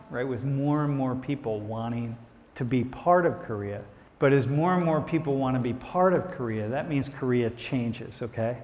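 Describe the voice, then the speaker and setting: A man's voice: medium pitch, darkish tone. A man, a visiting professor, leading a discussion with students in a lecture hall and often restarting his sentences. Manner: rambling, restarts mid-sentence.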